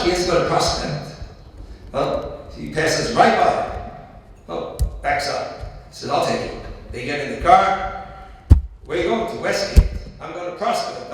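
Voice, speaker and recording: A middle-aged man with a high voice addresses a dinner crowd. He tells stories earnestly and leans on repeated phrases for emphasis. He sounds far from the mic, with a long echo from a big hall. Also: a bit bright. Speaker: dinner speaker. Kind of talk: inspirational speech with personal stories. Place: large banquet hall.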